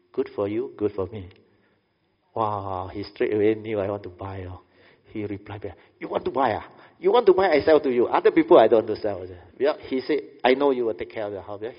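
A man's voice: fairly low pitch, creaky. A man telling anecdotes in a Buddhist talk, often repeating "I said", chuckling, and asking "understand?". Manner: chuckles often between lines. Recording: dull reverberant hall recording.

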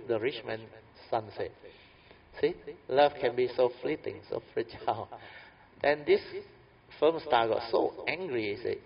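A Buddhist teacher gives a Dhamma talk, telling a story in a chatty, anecdotal way full of tag questions and fillers. His gravelly, mid-range voice has lively intonation and a moderate pace, captured on a dull lo-fi recording.

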